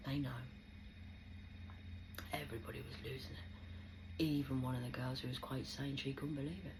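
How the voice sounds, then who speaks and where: A woman's voice: very deep voice, steady tone, moderate pace, pauses often, noisy background. A woman venting in an agitated, rambling monologue to camera, swearing often, from a small rented room. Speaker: vlogger. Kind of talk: unscripted angry monologue to camera.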